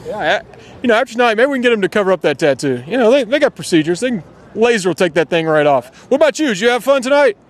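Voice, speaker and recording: High, fast-talking male sports host. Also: sing-song. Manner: upbeat, quick, laughing often. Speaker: sports show host interviewing fans. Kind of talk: live on-the-street interviews. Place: outdoors outside an arena at night.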